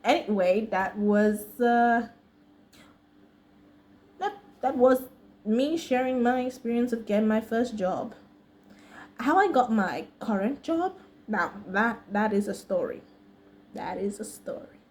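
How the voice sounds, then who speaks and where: A woman with a fairly high voice and an American accent tells a story to camera in a casual vlog. Her talk is chatty and slangy, often broken by laughs. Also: animated, takes it slowly, long pauses, slight background noise. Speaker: vlogger.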